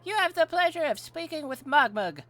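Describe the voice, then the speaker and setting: A man voices a vain, self-adoring male moogle, haughty and sing-song. He uses a very high, exaggerated voice pitched above his own, very animated, bright and forceful, at normal speed.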